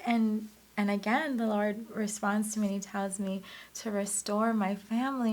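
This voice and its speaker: A woman's voice: mid-range voice, moderate pace. A woman in her forties giving an earnest, emotional personal testimony in an interview. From United States. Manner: emotional, earnest, animated retelling.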